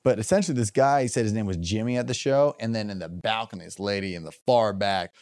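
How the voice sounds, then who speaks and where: A man's voice: fairly low pitch, fast, darkish tone. A young man co-hosting a podcast, telling crude stories with a wry, jokey manner. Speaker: podcast co-host and comedian. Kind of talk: casual chat, storytelling.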